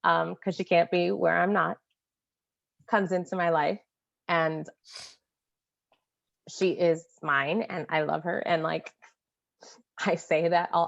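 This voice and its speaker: A woman co-host chatting about movies, her slightly low voice full of gravelly fry. She tells her stories with animated laughter. The recording sounds dull and lo-fi. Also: takes it slowly, long pauses. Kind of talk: casual movie discussion.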